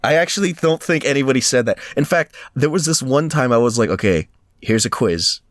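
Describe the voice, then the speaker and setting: A man co-hosting a casual podcast chat, animated, laughing often and slipping into mock voices. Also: a little high, quick pace, dry recording, clean studio sound. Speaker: podcast co-host.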